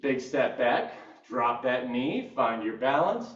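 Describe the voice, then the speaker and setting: A man's voice: medium pitch, animated, slow, a bit bright. A male fitness instructor cueing a live workout class, upbeat and encouraging as he counts down reps. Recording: roomy echo, distant mic, dull sound.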